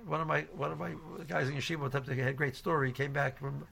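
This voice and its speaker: A gravelly-voiced man gives a rambling, informal Torah class, full of "you know" and restarts, mixing Hebrew and Yiddish terms into his English. His voice is fairly high and fairly bright, steady in tone, and fast.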